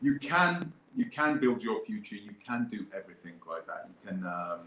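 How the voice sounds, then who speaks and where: A man's voice: lowish voice, expressive, moderate pace, a bit bright, reverberant, lo-fi sound, slight background noise. A man hosting a live stream, talking casually and emphatically, repeating his points as he goes off on tangents. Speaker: host.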